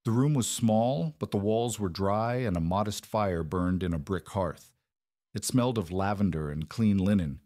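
Male storyteller, steady scripted narration, dry and low. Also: normal speed, no room sound.

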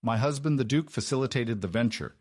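A man's voice: mid-range voice, fairly quick, breathy edge, no room sound, clean studio sound, pitched above the performer's own voice, natural voice. A man voicing a cool, composed young duchess. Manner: calm, clipped and cutting.

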